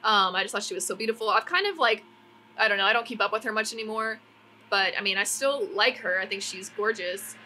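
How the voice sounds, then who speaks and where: A woman's voice: medium pitch, brisk, bright, forceful tone. A young woman vlogging at home, giving rambling, exasperated opinions on new makeup releases with lots of "like" fillers. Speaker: beauty vlogger. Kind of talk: casual opinionated product review. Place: home, neighbors' yard work nearby.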